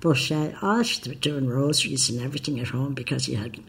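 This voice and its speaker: A woman's voice: a bass voice, lively intonation, brisk, gravelly, a little hiss or hum. An older woman with an Irish accent, telling family stories in a rambling way with many fillers. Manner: rambling anecdotal, hesitant fillers. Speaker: interviewee. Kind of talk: casual reminiscing.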